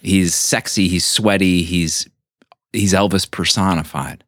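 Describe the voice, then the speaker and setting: A man's voice: low-pitched, steady tone, measured pace, fairly bright tone, dry recording, studio quality. A man hosting a casual podcast chat, playful and teasing, often laughing. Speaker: podcast host.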